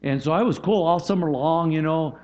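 A man's voice: a little high, fairly quick, a little mellow, lo-fi sound. A man preaching a sermon as a pastor, in a conversational way, often checking in with "right?" and restarting his phrases.

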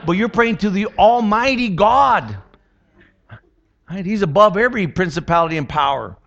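A man's voice: high-pitched, animated, normal speed, gravelly, a bit bright, muffled recording. A pastor giving a sermon in a conversational way, joking and often asking his listeners "right?". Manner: conversational preaching with jokes and repeated questions. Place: church.

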